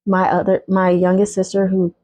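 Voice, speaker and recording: A woman's voice: medium pitch, monotone, normal speed, warm tone, low-quality recording. A woman in her thirties telling viewers a personal story time in a blunt, casual way, swearing freely as she talks to them directly.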